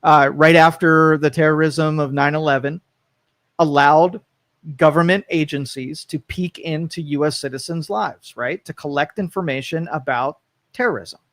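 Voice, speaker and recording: Higher-voiced man co-hosting live talk. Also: fairly even intonation, moderate pace, fairly bright tone, no echo. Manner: rambling, self-correcting, posing pointed questions. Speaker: talk show co-host. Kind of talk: live talk radio debate. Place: talk show studio.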